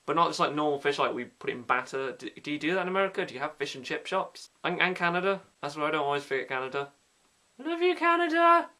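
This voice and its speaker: Young man, late teens, mild Yorkshire accent, bright, chatty, self-mocking vlogger. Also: mid-range voice. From Yorkshire, England. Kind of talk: casual vlog explainer.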